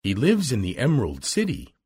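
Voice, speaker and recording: A man voicing a kind little old woman, a gentle witch, speaking slowly and soothingly in a storybook reading. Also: mid-range voice, huge pitch swings, slightly rough. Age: over 60.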